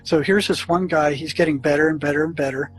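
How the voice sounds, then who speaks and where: A man who worked as a therapist in a prison tells stories from his work. He talks earnestly and haltingly, with many restarts and fillers. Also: fairly high pitch, steady tone, rough recording. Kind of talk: storytelling recollection.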